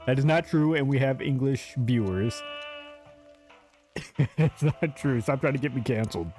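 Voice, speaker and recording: A man's voice: mid-range voice, measured pace, darkish tone, soft background music. A man streaming a game live, chatting casually and talking straight to his chat, laughing easily.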